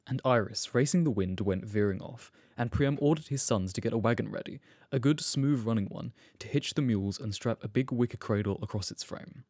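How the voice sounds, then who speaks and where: A man narrating an epic poem as a measured, solemn audiobook reading. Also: mid-range voice, darkish tone, dry recording, studio quality.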